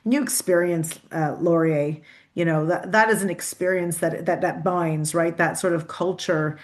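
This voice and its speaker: Over a video call, a guest with a Canadian accent chats through her interview answers, restarting often and using plenty of fillers. Her lowish voice moves at normal speed with fairly even intonation.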